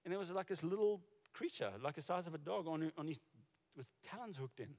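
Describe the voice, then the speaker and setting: A pastor in his forties or older preaches a sermon, telling stories conversationally and restarting often. His voice is fairly high and a bit darkish, delivered a little fast. The recording echoes as if in a reverberant hall.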